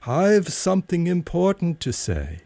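A man's voice: fairly high pitch, huge pitch swings, measured pace, dark tone, dry recording, voice pushed up, full character voice. A man voicing a stern, contemptuous male caterpillar in a storybook reading, drawling in a languid, sleepy way. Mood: languid, curt.

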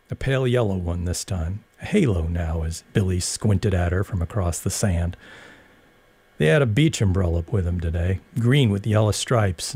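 A man reads an audiobook aloud in a steady, measured storytelling style. His pitch is fairly low, with a breathy edge.

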